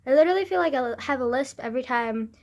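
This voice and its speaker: High-voiced teen girl ranting while sick. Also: animated, fast talker, darkish tone. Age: teens. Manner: swearing, dramatic retelling. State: congested with phlegm. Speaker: vlogger. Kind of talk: casual rant.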